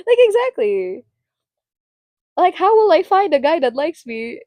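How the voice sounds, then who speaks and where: A young woman with a Filipino accent chatting with viewers on a live stream, animated and laughing often, slipping between English and Tagalog. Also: high voice, measured pace, pauses often, no echo, studio quality. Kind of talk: casual chat with viewers.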